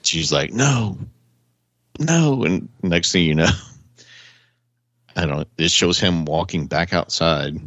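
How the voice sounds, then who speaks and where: A man with a very low, deep voice tells a long, meandering story in a loose podcast chat, chuckling as he goes. The sound is dry and close. It comes through as dull, lo-fi call audio. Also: slow pace, long pauses, no echo. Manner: rambling animated storytelling with frequent chuckles. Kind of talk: casual chat. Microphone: remote call audio.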